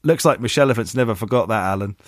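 A man's voice: lowish voice, fast talker, no room sound, studio quality. A man hosting a podcast, reading a listener's email aloud and repeatedly cracking up with laughter. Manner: keeps breaking into giggles while reading. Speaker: podcast host.

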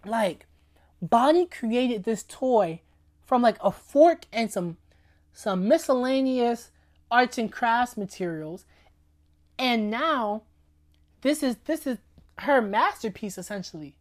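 Speaking slowly with long pauses, a woman delivers a conversational faith talk, often checking in with "right?" and "you know what I'm saying?". Her voice is a little high, with lively intonation.

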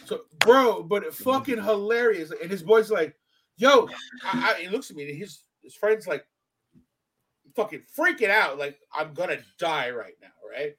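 A man hosting a podcast, telling a story in casual chat, profane and animated, acting out what others said. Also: moderate pace, slightly rough, poor audio. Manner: animated, profane, acts out quotes with big pitch swings. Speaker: podcast host.

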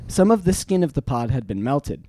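A man reads a book aloud on a casual podcast and breaks off now and then to chat. His voice is mellow and warm. The sound is dry and close. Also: medium pitch, big pitch swings, brisk, no echo. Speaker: podcast co-host reading aloud.

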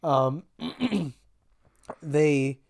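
A woman's voice: low-pitched, expressive, very slow, gravelly, a little mellow. A young woman with a Long Island accent co-hosting a podcast, talking offhand and sarcastic, swearing and trailing off mid-thought. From Long Island, New York. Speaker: podcast co-host. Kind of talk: casual chat.

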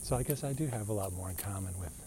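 A middle-aged man from the United States tells a rambling, chatty story in a casual monologue, laughing often. His voice sits on the low side and comes out rapid-fire, with background noise in the recording.

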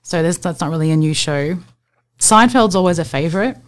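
An Australian woman, a stand-up comedian, talking casually on a podcast, full of fillers and quick laughs. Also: fairly low pitch, animated.

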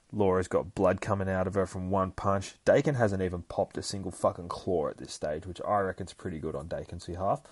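A man's voice: deep voice, steady tone, brisk, hardly any pauses, husky, no room sound. A man hosting a podcast, recapping a comic book issue in casual, heavily profane talk and acting out the fight sound effects. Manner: profane, swears constantly. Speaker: podcast host.

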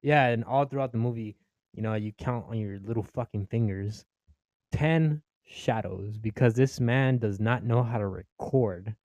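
Young Mexican-American male comic, mellow tone, dry close sound, profane and chuckling. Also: on the low side, measured pace, dry recording, dull audio. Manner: profane, laughs at own jokes, acts out family. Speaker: stand-up comedian. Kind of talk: stand-up comedy.

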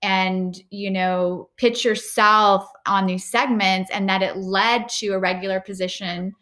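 A woman hosts a casual podcast interview at a mid-range pitch. She talks chattily and rambles before she gets to her questions. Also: steady tone, a little slow, a bit bright. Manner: chatty, many fillers and restarts. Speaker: podcast host.

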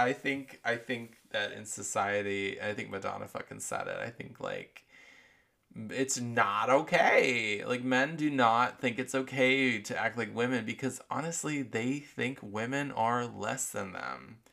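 A podcast host delivers a casual monologue in a mid-range, creaky voice that is sharp in tone and very animated, keeping a measured pace. He rambles and swears freely, using lots of filler words, and his voice is affected by allergies.

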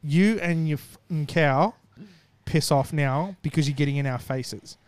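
A man's voice: on the high side, a little slow, darkish tone, no echo, close to an everyday voice. A man quoting his fed-up wife as she bluntly and scornfully tells off a stranger.

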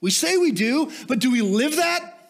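A man preaching a sermon, asking rhetorical questions and moving into quiet, explanatory teaching with small self-deprecating asides. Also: extremely high pitch, big pitch swings, normal speed. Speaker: pastor.

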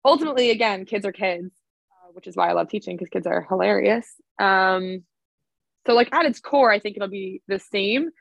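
A woman in her twenties speaks casually as a podcast guest, filling her thoughts with "um" and "like". Her voice sits at an ordinary middle pitch. The sound is dry and close, with no room around it. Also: normal speed, creaky, no echo. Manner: chatty, many fillers like "um" and "like". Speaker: elementary school teacher, podcast guest.

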